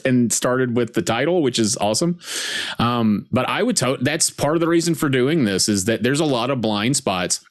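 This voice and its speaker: A man hosting a casual movie watch-along podcast, chatting in a jokey, animated way. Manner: animated, jokey, quick pitch jumps. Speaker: podcast host.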